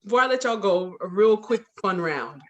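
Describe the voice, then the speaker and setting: Female host, bubbly interviewer, expressive pitch. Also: moderate pace, highs cut off. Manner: bubbly, laughs often. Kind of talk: casual interview. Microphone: video call.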